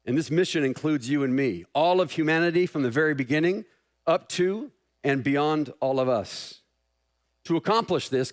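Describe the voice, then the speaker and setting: Casting: middle-aged male pastor, slightly high voice, playful and self-mocking in a sermon. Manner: jokey, self-deprecating, animated.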